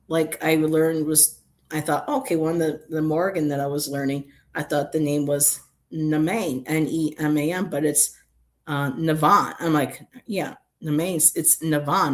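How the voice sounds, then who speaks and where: A middle-aged woman hosting a casual livestream, chatting and reading out chat messages with many ums. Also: low-pitched.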